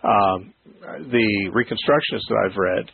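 A man hosting a call-in Bible radio show, explaining ideas slowly and thoughtfully with frequent restarts. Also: fairly low pitch, fairly even intonation, vocal fry, husky. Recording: phone-like narrow radio sound.

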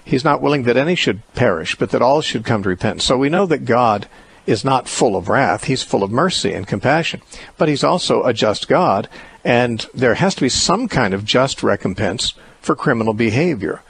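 A man hosting a call-in radio show, explaining Bible teaching in a measured, reasoning way with occasional restarts. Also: mid-range voice, expressive, creaky, a little hiss or hum. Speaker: radio host answering callers.

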